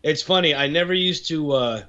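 A man's voice: on the high side, moderate pace, pushed and bright. A laid-back man rambles casually on a call, laughing often as he talks. His voice comes through slightly dull, with the faded tone of internet call audio. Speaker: guest on a podcast. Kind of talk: casual chat. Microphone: call over the internet.

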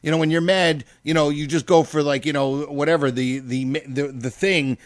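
A man in casual chat, telling stories with lots of swearing and acting out his own shouting. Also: a little high, normal speed, no echo, clean studio sound. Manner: profane, animated, acts out his own yelling.

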